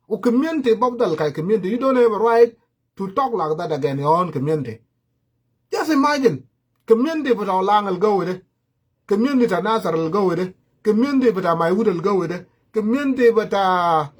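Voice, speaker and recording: A man giving impassioned political commentary, repeating his warnings. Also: sits high.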